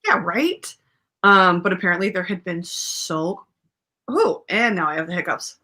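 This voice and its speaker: A woman's voice: lowish voice, expressive, unhurried, sharp tone. A young woman telling a rambling story in casual chat, full of fillers and laughter, as a podcast host.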